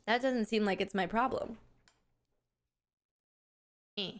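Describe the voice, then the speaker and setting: A woman streamer chatting casually with her viewers, animated and candid, often laughing and swearing freely. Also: mid-range voice, slow pace. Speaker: live streamer.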